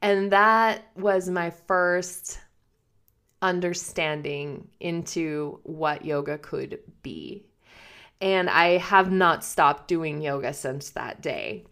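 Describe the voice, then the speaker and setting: A woman's voice: deep voice, expressive, slow, a bit bright. A woman in her thirties telling personal stories to her viewers in a casual, chatty way, laughing often and acting out what others said. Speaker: vlogger.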